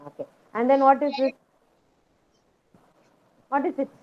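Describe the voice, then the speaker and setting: A woman teaching a kindergarten class online, slowly and patiently repeating each word for the children to echo. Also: sits high, fairly even intonation. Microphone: video call. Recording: tinny video call audio.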